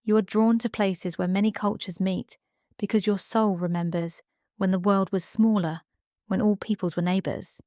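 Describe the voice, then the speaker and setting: A woman voicing a mysterious, ageless man who speaks quietly and patiently in a dry, close storybook reading. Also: high voice, fairly even intonation, normal speed, no room sound, natural voice. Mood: calm, solemn.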